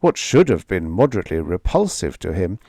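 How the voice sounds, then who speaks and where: A man narrating a vintage science fiction short story as a sleep story, calm and measured. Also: sits low, no echo, clean studio sound. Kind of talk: scripted audiobook narration for sleep.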